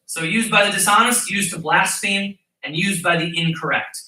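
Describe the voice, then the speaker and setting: Man, pastor, sermon, emphatic, high voice, very bright tone, echoey church, off-mic. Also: moderate pace, distant mic. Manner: emphatic, mocking put-on voices when quoting. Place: church sanctuary.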